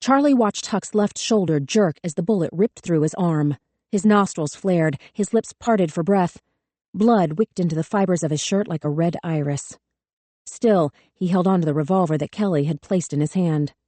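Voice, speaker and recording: A woman narrating a thriller audiobook in a measured, tense way. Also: fairly low pitch, dark tone, no echo. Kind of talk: scripted narration.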